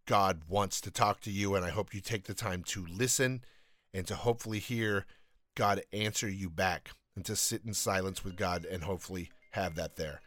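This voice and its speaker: A man's voice: deep voice, moderate pace, a bit bright, dry recording. A man hosting his own faith podcast, talking in an earnest, rambling, self-deprecating way. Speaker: podcast host. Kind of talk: casual faith podcast talk.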